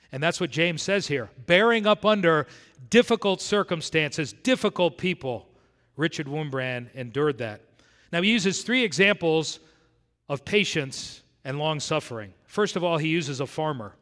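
A man from South Florida preaching a sermon verse by verse, moving between quiet and emphatic delivery. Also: a little high, lively intonation, moderate pace. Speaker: pastor. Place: church sanctuary. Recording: long hall reverb.

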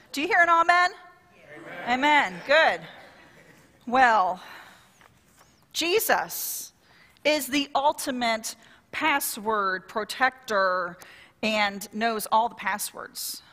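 A woman pastor delivers a lively, conversational sermon that draws call-and-response from the congregation. Her voice is fairly high, and the recording has a big-room sound.

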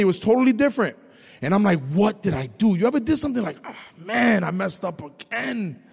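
A man preaches a testimony sermon, recounting his story with animated delivery and shouting at the high points. A long reverb tail follows his voice.

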